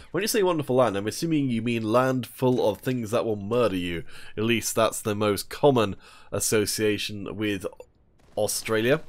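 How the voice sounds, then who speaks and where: Chatty male esports caster. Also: lowish voice. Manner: chatty, reads chat aloud and jokes with viewers. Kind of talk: live game commentary with chat replies.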